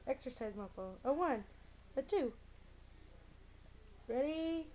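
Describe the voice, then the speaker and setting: A woman's voice: high voice, measured pace, a little hiss or hum. A woman filming her cat at home, talking to it in playful, cooing baby talk. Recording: dull lo-fi home camera audio.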